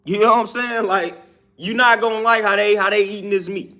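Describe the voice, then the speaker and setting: A man's voice: sits high, fairly even intonation, brisk, pushed and bright. A young man talking casually and emphatically about diet, with slangy, repetitive phrasing. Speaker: vegan health talker. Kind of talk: casual monologue.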